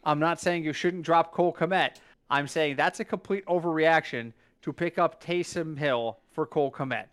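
A man with a clear, resonant voice on the high side speaks at normal speed with hardly any pauses. As a podcast co-host in casual chat, he's emphatic and lively, stumbling and restarting whenever he's recalling something.

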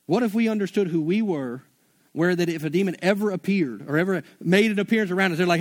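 A man's voice: high-pitched, fast. A man preaching a sermon in a casual, conversational way, mixing slang into his teaching.

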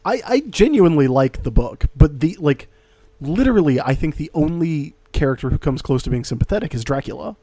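Wry, profane man with a lively voice. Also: on the high side, brisk, no room sound. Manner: wry, profane, builds to loud punchlines. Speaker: podcast co-host. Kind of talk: casual movie chat.

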